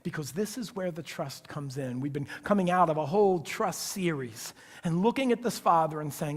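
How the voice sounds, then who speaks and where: High-voiced pastor preaching in a church hall. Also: male voice, animated, normal speed, husky. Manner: conversational storytelling, acts out voices with big swings from hushed to loud. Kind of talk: sermon. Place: church sanctuary.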